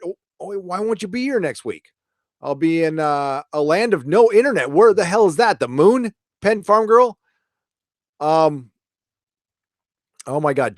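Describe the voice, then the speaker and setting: A man's voice: a little high, sing-song, slow pace, pauses often, no echo, studio quality. Chatty man hosting a live stream. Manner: rambling, chatty, swears casually. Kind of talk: casual live stream chat, reading viewer comments.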